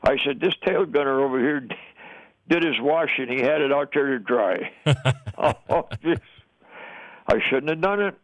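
An older war veteran with a mid-range, expressive voice tells his oral history in a plain-spoken, folksy way, chuckling as he goes. He speaks at normal speed, pausing often, in a dull, dry lo-fi recording without room sound.

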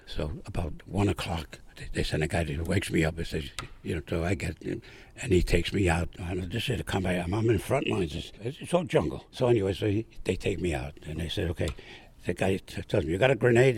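An older man from Brooklyn, a veteran guest, telling a war story in a rambling, animated way and acting out the voices in it. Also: deep voice. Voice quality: gravelly, husky. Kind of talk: oral history storytelling.

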